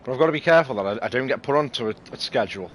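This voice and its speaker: A man's voice: medium pitch, expressive, very fast, slight background noise. A British man chatting casually and rambling as he streams a game, laughing easily. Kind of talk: casual live stream chat.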